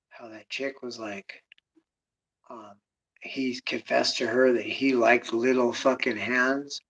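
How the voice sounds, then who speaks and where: A man telling rambling stories in a casual rant, swearing constantly and sliding between mutters and loud bursts. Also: a little high. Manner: drops to a mutter, then rises in bursts. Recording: dull lo-fi recording.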